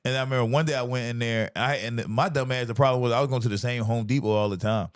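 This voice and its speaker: A man's voice: mid-range voice, fast, smooth. A man in his thirties, a comedian hosting a podcast, telling stories in casual chat with lots of swearing and laughter. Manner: profane, laughing, animated storyteller.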